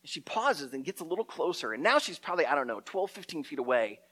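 A middle-aged man telling a story as a preacher, animated and often repeating his words. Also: fairly high pitch, quick pace. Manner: lively storyteller, acts out shouted quotes, stumbles and repeats words.

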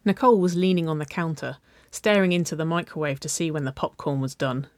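A woman narrating a children's-style story, reading aloud with a gentle, even delivery. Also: deep voice, brisk, no room sound.

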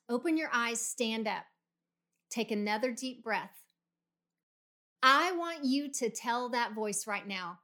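Middle-aged woman, podcast host, slightly high voice, emphatic coaching pep talk. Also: animated, slow pace, pauses often. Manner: coaching, emphatic, builds to loud affirmations. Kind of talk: guided visualization pep talk.

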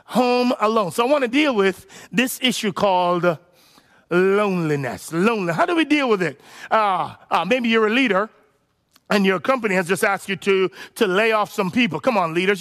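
Male pastor, high-pitched voice, animated conversational sermon delivery.

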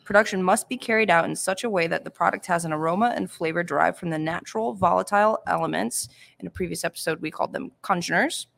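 A woman's voice: on the low side, fast talker, vocal fry, few pauses, a bit bright. A woman co-hosting a casual podcast, chatty and correcting herself as she talks. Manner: chatty, self-correcting, laughs often. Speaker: podcast co-host. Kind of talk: casual podcast chat about rum history.

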